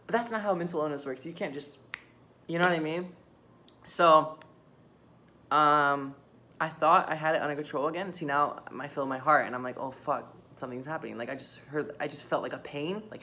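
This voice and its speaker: Low-voiced young woman confessing into her phone. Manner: rambling, restarts often, swears, nervous laughs. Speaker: vlogger. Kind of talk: candid personal confession. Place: mostly empty room. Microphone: phone camera.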